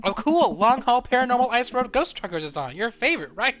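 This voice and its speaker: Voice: mid-range voice, animated, moderate pace, pushed and bright, voice pushed up. A streamer voicing a cheeky teenage daughter, bubbly and teasing, over game music.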